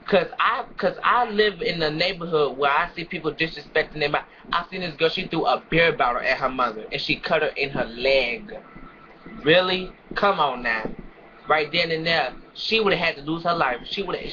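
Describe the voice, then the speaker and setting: A young man telling a story from his own life and lecturing kids and parents, animated and preachy, with lots of restarts. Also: on the high side. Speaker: vlogger. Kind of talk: casual storytelling rant. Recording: dull lo-fi with crowd noise behind.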